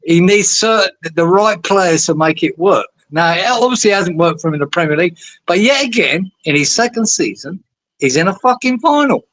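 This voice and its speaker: A man's voice: high-pitched, animated, moderate pace, fairly bright tone, dry recording, low-quality recording. A man hosting a fan talk show, chatty and sweary, laughing along with his co-hosts. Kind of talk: casual chat.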